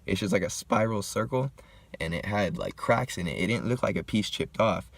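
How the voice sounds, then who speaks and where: A young man telling a story in a laid-back, slangy, profane way while getting high and smoking. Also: animated, moderate pace, creaky, no room sound. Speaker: vlogger. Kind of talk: casual storytime.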